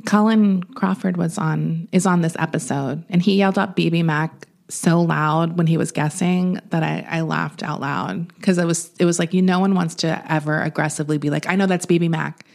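A woman's voice: low voice, fairly even intonation, moderate pace, creaky, few pauses, a little mellow. A woman co-hosting a podcast, chatting casually and rambling a little as she recommends a show, laughing easily. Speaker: podcast co-host. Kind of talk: casual chat.

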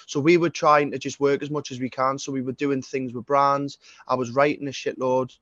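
A man's voice: medium pitch, flat delivery, normal speed, a bit bright, no echo, lo-fi sound. A man in his twenties with a Geordie accent, a singer-songwriter chatting as a guest in a rambling, sweary way. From North East England. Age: 20s. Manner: sweary, rambling, frequent restarts. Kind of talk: casual interview chat.

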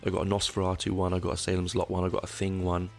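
A middle-aged man talks through a solo podcast in a very low, gravelly voice. He rambles, trips over his own words and corrects himself as he goes, dropping dry asides. Soft music plays faintly behind him. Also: completely flat delivery, very fast. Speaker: podcast host. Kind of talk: casual solo podcast monologue.

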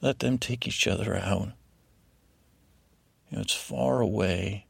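A man voicing a scheming, smooth-talking male courtier, with a creaky voice and a persuasive, wheedling manner. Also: lowish voice, slow, dry recording, exaggerated voice.

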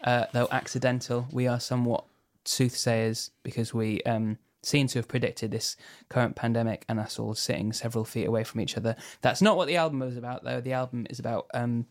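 Male radio host, mid-pitched, dry and wry, casual studio chat. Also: steady tone, brisk, hardly any pauses. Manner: dry, wry, rambling asides. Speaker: radio show host and band member.

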